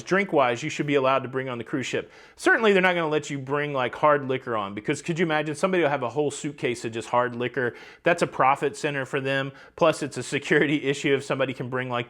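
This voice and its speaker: A man's voice: medium pitch, fast talker, hardly any pauses, fairly bright tone. A man hosting a cruise news vlog, chatty and upbeat, talking straight to his viewers from outdoors by the ocean. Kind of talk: casual vlog commentary.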